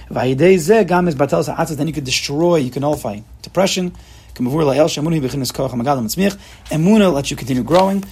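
Torah teacher, man, husky and a touch high, emphatic and repetitive, Hebrew terms throughout. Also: fast, darkish tone. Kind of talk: Torah lecture.

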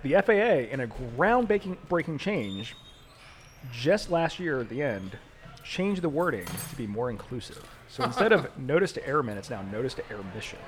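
A man's voice: fairly high pitch, very animated, normal speed, a little hiss or hum. Blunt, sarcastic man talking shop. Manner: blunt, sarcastic, swears freely. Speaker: pilot and former medic. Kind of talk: casual podcast chat.

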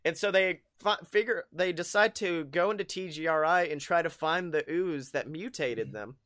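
A man's voice: a little high, normal speed, a bit bright. A man hosting a podcast, recapping a movie in a rambling, profane way with frequent laughs. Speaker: podcast host. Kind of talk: casual chat recapping a movie.

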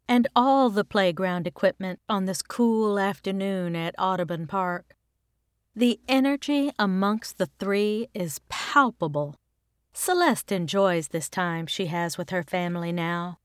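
A woman's voice: mid-range voice, no echo, clean studio sound. Woman narrating a family fantasy story. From Texas, United States. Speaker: author and narrator.

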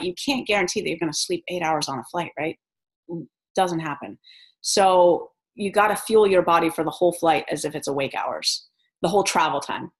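A woman vlogger telling travel stories in a chatty, animated way, laughing as she goes. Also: mid-range voice. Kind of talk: casual storytelling vlog.

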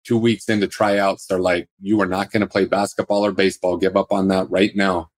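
A man with a very low voice that barely rises or falls tells his story as an interview guest. He stays steady and plainspoken. The sound is close and dry. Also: a little fast, dry recording. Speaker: podcast guest, former pro football player.

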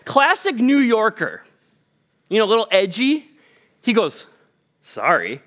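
A man's voice: extremely high pitch, lively intonation, a little slow, a bit bright. A man from Minnesota, a pastor giving a conversational sermon full of fillers and restarts. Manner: chatty storytelling with many fillers and restarts.

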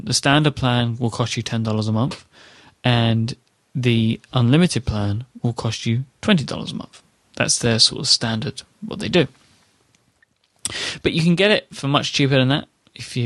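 Male podcast host, mid-pitched, eager sponsor-read delivery, dry studio sound. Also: no echo. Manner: chatty, enthusiastic ad read with fillers. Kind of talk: casual podcast chat with ad read.

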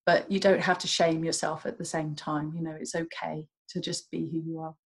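A woman with a fairly low voice speaks as a podcast guest. She explains calmly and gently, with a warm coaching patience. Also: normal speed, breathy edge, low-quality recording. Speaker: guest, doctor and self-compassion coach. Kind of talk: podcast interview.

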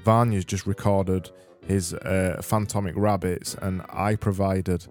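Low, mellow sardonic British-born man. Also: steady tone, a little slow, soft background music. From Britain. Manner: rambling, sardonic. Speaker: podcast host. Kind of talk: comedic solo podcast.

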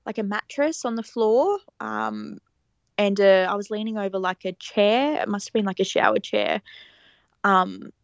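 Animated woman telling a story. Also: mid-range voice, normal speed, no echo, lo-fi sound. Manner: animated, laughs often, acts out quoted lines. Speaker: podcast guest telling her birth story. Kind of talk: casual storytelling interview.

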